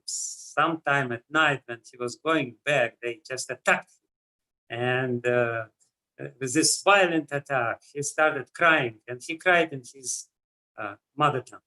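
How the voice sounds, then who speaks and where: Russian guy teaching scripture, bright voice, bit high, lots of uh's and pauses. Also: low-quality recording. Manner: measured, with frequent "uh" pauses. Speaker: spiritual teacher. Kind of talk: scripture lecture.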